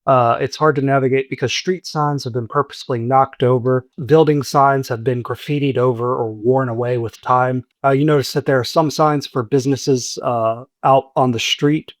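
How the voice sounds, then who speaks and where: Man, game master, steady narration, dry close sound. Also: medium pitch, no room sound. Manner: steady descriptive narration with frequent uh fillers.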